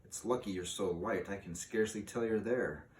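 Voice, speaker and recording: A jittery young male crow frets and chatters in a low, deep voice, as a man reads him aloud from a storybook. The sound is echoey, picked up from a distance with a faint hiss underneath. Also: normal speed, natural voice. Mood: eager. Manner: anxious, talkative. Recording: echoey room, distant mic, faint noise.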